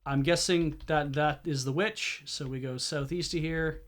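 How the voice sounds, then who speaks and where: A man's voice: fairly high pitch, steady tone, measured pace. A man streaming a game, chatting casually and reading game text aloud as he plays. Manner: reads game text aloud, thinking out loud.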